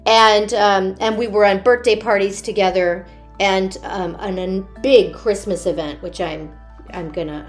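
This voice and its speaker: A children's party performer, a woman with a mid-range voice, casually tells personal stories in an animated way, laughing often.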